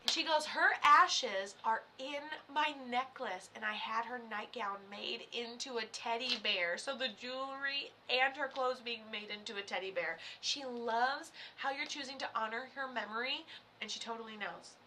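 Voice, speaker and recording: A woman giving live psychic readings on a stream, chatty and excitable, full of fillers and sudden loud bursts. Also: a little high, moderate pace, a little hiss or hum.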